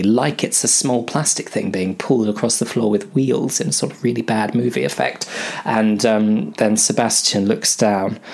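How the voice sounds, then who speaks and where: A man's voice: on the low side, vocal fry, slightly rough. A man improvising a comic story, rambling and hesitant with lots of ums.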